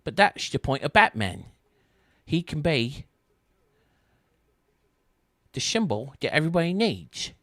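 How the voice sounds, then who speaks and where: A man's voice: fairly high pitch, sing-song, unhurried, long pauses, fairly bright tone, dry recording, studio quality. A man streaming a baseball game, rambling and joking casually with his chat. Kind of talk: casual chat while playing.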